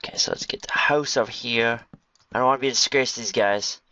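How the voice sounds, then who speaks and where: A man with a fairly low yet bright, forceful voice rambles through casual gameplay commentary, joking to himself as he goes. The dry, close recording sounds a little dull and lo-fi. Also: fast, no room sound. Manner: rambling, jokey, talks to himself and to game creatures. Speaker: gaming video host.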